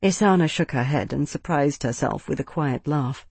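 An audiobook narrator reads a novel in an even, measured way. The voice is a little husky. The recording is close and dry. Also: mid-range voice, no room sound. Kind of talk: scripted narration.

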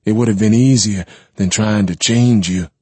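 Man doing a cold, calm ancient man, husky. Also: on the low side, normal speed, no room sound, voice pushed up. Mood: earnest.

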